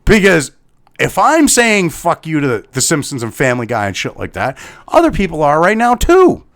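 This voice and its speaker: A man's voice: fairly high pitch, wildly swooping pitch, normal speed, a bit bright. A man ranting as a commentator, heated and sarcastic, swearing constantly. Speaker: online commentator. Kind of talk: angry profane rant.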